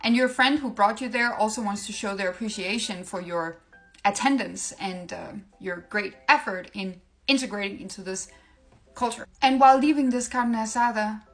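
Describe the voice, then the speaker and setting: A woman's voice: medium pitch, normal speed, fairly bright tone, soft background music. A woman giving a comedic language tutorial, playful and often breaking into laughter. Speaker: language-tips creator.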